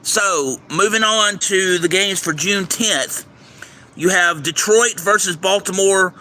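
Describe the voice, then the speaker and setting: A man hosting a livestream, reading out a game schedule and his picks in a steady list, sometimes stumbling over names, recorded outdoors near a railway. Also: high-pitched, takes it slowly. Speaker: livestream host giving baseball picks. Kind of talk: casual livestream commentary. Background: faint traffic and train noise.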